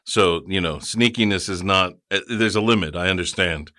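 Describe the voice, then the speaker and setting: A man playing a tabletop game in casual chat, animated and prone to stammers and laughing between lines. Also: low-pitched, moderate pace. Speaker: player.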